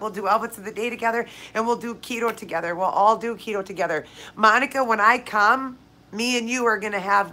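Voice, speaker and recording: A woman with a medium-pitched, pushed and bright voice leads a live viewer Q&A, weeping as she chats casually. Heartfelt and emotional, she addresses viewers by name, and the audio quality is poor.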